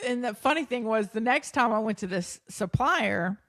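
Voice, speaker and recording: A woman hosting a podcast, telling a personal story in an animated, self-deprecating way, often laughing mid-sentence and acting out past thoughts. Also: on the high side, moderate pace, no room sound, studio quality. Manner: acts out her own past thoughts and others' speech; frequent restarts and fillers. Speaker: podcast host.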